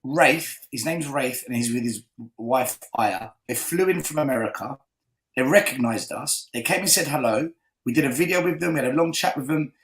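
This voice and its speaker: Animated man telling a story, echoey room. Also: mid-range voice, moderate pace. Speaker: host of a fan call-in show. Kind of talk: casual chat.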